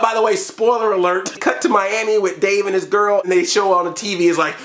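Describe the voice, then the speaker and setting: Animated laughing man reviewing movies. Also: high-pitched, brisk, hardly any pauses, reverberant. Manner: animated, laughing, mock-outraged.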